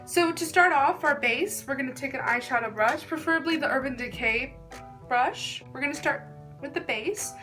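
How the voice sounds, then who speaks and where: During a makeup tutorial with music playing, a young woman speaks in a high-pitched voice at a moderate pace. This beauty vlogger is chatty and effusive, with "like" filling much of her talk.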